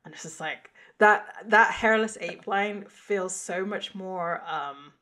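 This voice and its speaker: A woman's voice: mid-range voice, slow, sharp tone. A woman co-hosting a podcast, chatting casually as she recaps an episode, laughing often and quoting lines in funny voices. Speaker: podcast co-host.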